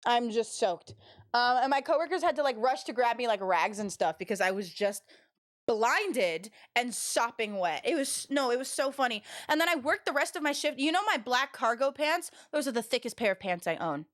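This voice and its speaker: A young adult woman streamer telling stories to her chat in an animated way, laughing and restarting her sentences. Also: fairly high pitch, normal speed. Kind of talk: casual storytelling to chat.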